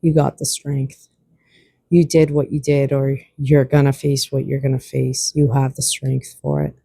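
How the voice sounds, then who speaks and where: Slow, gravelly, soothing oracle card reader. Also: medium pitch, flat delivery, dry recording. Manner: gentle, reassuring, slightly rambling. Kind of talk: spiritual oracle card reading.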